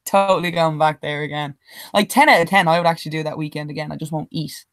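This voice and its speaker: A woman co-hosting a podcast, telling animated stories with plenty of swearing and laughter. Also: sits low, fast talker, dry recording, low-quality recording. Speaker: podcast co-host. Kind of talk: casual chat.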